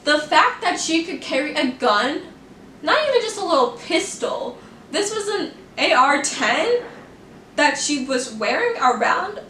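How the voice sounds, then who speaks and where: A woman's voice: high-pitched, very animated, a little slow, bright, forceful tone, reverberant, recorded from a distance, slight background noise, poor audio. A young woman vlogging about her own story, fervent and passionate, with lots of "like" fillers. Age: young adult. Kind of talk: personal storytelling vlog.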